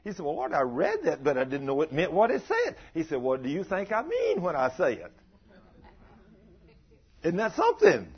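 Older guy preaching, husky voice that swings up and down a lot, muffled lo-fi sound. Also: fairly high pitch, wildly swooping pitch, normal speed, pauses often. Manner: storytelling, asks the listeners questions. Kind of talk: folksy sermon. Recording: muffled lo-fi recording.

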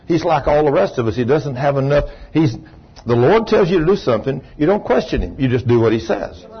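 Folksy preacher, muffled recording. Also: male voice, mid-range voice, lively intonation, a little fast, breathy edge. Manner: folksy, rambling storyteller with shouted bursts of praise. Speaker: pastor. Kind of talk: sermon storytelling.

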